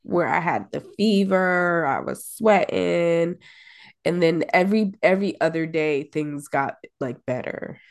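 Slow, gravelly sick woman podcaster. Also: fairly low pitch. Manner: tired, complaining. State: sick, out of breath. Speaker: podcast co-host. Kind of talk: casual chat.

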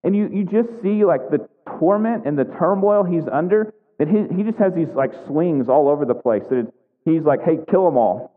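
A man's voice: on the high side, expressive, moderate pace, big-room sound, narrow, tinny audio. A man reading scripture and preaching, chatty and conversational, often checking in with "right?". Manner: conversational, keeps asking "right?". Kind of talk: Bible reading and sermon.

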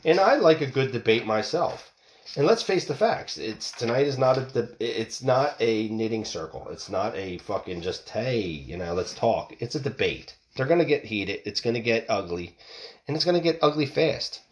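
A man's voice: mid-range voice, expressive, normal speed. A man hosting a podcast, talking casually and off the cuff, rambling and swearing freely. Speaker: podcast host. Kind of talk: casual solo political talk. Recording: dull lo-fi recording.

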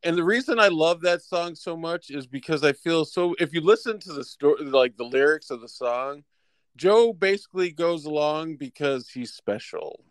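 A man's voice: on the high side, animated, normal speed, dry recording. A man co-hosting a comedy show, talking in a playful, rambling way with mock threats. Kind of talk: casual comedic banter.

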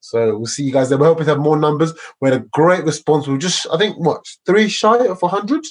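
A man's voice: on the high side, fast, low-quality recording. A man hosting a casual football podcast, laid-back and rambling with many fillers. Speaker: podcast host.

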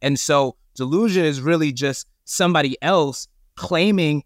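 A man's voice: a little high, moderate pace, no room sound, clean studio sound. A man talking as a podcast guest, earnest and emphatic, with casual slang. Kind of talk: conversational interview.

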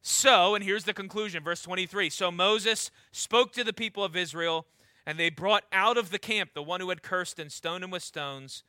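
A man delivers a sermon in a high, very bright voice. He reads scripture aloud and stretches key words for weight. The sound is close and dry, with no room echo. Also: clean tone. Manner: emphatic, slows down to stress key words. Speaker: preacher.

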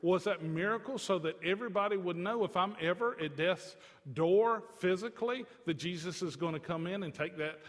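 A man preaching a sermon in a folksy, joking way, swinging from soft to emphatic. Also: high-pitched, moderate pace, few pauses, in a large hall. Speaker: pastor.

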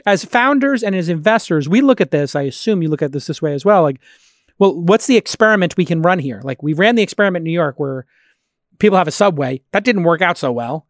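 Here the podcast host sounds expressive and quick, his voice a little high, recorded dry with clean studio sound. The discussion is casual and talkative, and he works through his thoughts out loud, often starting sentences over.

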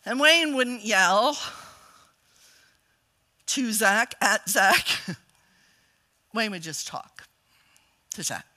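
A woman's voice: mid-range voice, lively intonation, drawn-out words, pauses often, pushed and bright. A middle-aged woman preaching a sermon as a guest speaker, telling family stories with humor and frequent laughs. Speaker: guest preacher, college president. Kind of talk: storytelling sermon.

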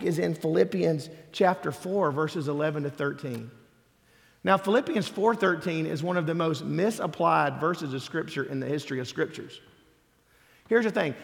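Male preacher, high gravelly voice, emphatic sermon built on repeated refrains, long hall reverb. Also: fairly bright tone.

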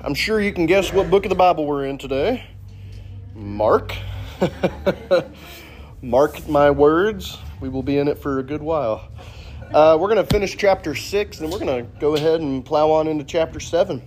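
A man's voice: a little high, expressive, moderate pace, long pauses, darkish tone, soft background music. A man teaching a casual Sunday Bible class in a church classroom, joking and asking the class questions.

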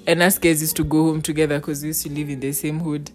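A woman's voice: deep voice, quick pace. A young woman, telling a story in casual chat and acting out the quotes in it. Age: young adult. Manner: animated, acts out quotes.

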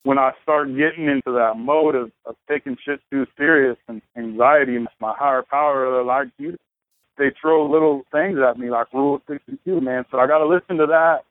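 A man in his thirties talks loosely and rambles, swearing casually as he tells his recovery story. His voice comes through a thin, tinny line that sounds like a phone call. His pitch sits in an ordinary middle range. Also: moderate pace. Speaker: podcast guest. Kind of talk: casual conversation.

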